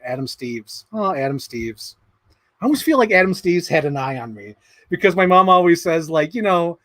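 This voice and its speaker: A man's voice: a little high, fairly bright tone, dry recording. A man in his thirties hosting a livestream, reading his yearbook signings aloud, laughing, swearing and getting sidetracked, a bit out of breath. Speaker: livestream host.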